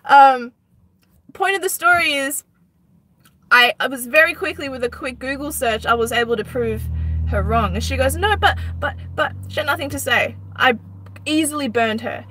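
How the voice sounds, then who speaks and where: Bright-voiced indignant woman vlogger. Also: high voice, moderate pace, a little hiss or hum. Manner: indignant, retelling an argument with quoted exchanges. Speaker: political vlogger. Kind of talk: casual storytelling monologue.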